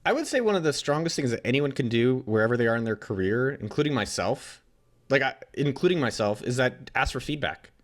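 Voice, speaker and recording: A man chats as an interview guest in a rapid, blunt way. He swears casually and slips into quick impressions of other people. His voice sits at an ordinary pitch. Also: animated. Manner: blunt, fast, swears freely, acts out quotes. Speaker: guest entrepreneur.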